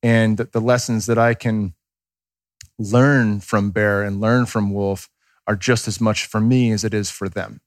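A man in his thirties talks in a casual podcast chat with a fairly low voice. He is candid and rambling, swears freely and acts out what people said. The sound is dry and close to the mic. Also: fairly even intonation, a little slow, no room sound. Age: 30s. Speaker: podcast guest.

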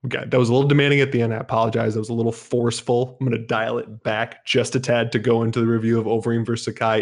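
A man at mid pitch hosts a live podcast and keeps the talk loose and chatty. He strings his plugs and run-throughs together in a rambling, easygoing flow. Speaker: podcast host. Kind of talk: live sports betting podcast.

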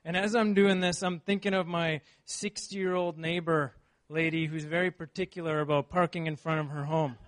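A man preaching a sermon, reading scripture and then telling a personal story in an earnest, animated way. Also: fairly high pitch, moderate pace, few pauses.

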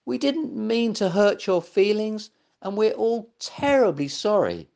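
A man voicing a small, eager male toy puppy in a storybook reading, pleading and excited. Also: sits high, a little slow, creaky, voice pushed up, heavily acted.

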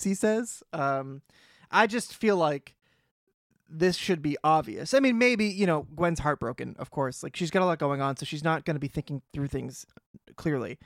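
Man, podcast co-host, casual joking recap, slightly high voice, dry close sound. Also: moderate pace, fairly bright tone, dry recording. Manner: joking, acts out characters' lines.

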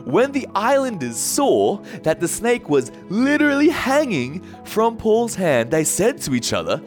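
A man preaching in a lively, sing-song way, his voice rising and falling all through a story-driven sermon. He sits a little high for a man and keeps breaking into chuckles as he tells it. Soft music plays faintly underneath. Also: unhurried, few pauses. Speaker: pastor.

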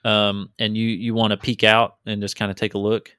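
A man's voice: fairly low pitch, completely flat delivery, moderate pace, pushed and bright, smooth, dry recording, clean studio sound. A man running a tabletop game as game master, talking casually with many restarts and fillers. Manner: casual, hesitant, repeats words.

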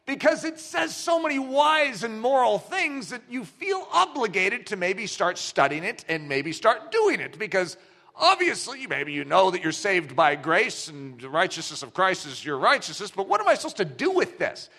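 A man delivers a sermon with a bright, fairly high voice. He swings widely in pitch as he tells a story and acts out the dialogue himself. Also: sing-song, moderate pace. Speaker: preacher.

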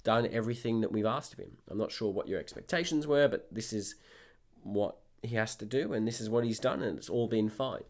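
A man's voice: fairly low pitch, brisk, natural voice. Man as a firm office staffer, blunt, clipped, matter-of-fact.

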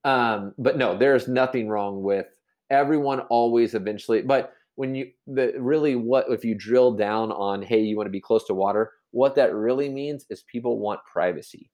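A man's voice: mid-range voice, normal speed, a little mellow. A man explaining real estate in a casual podcast chat, rambling with many restarts and fillers. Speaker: real estate agent guest.

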